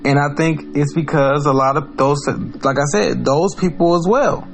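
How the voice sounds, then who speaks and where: A man's voice: a little high, a little slow, vocal fry. A man hosting a podcast, talking in a blunt, profane, rambling monologue full of restarts. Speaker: podcast host. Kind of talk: casual monologue.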